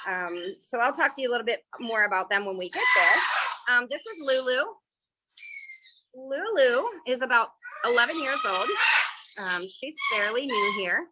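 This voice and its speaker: A woman's voice: on the high side, animated, normal speed. A woman directing a parrot rescue, giving a chatty walkthrough tour on a video call with lots of filler ums and sweet baby talk to the birds. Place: indoor bird rescue room. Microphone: phone or laptop on a video call. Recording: loud bird noise over a call. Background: loud squawking and chirping birds.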